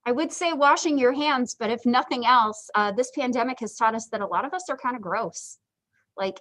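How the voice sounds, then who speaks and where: Chatty high-voiced woman lecturing. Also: moderate pace, fairly bright tone, rough recording. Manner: chatty, joking asides, lots of ums. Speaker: psychology instructor. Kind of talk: casual livestream lecture.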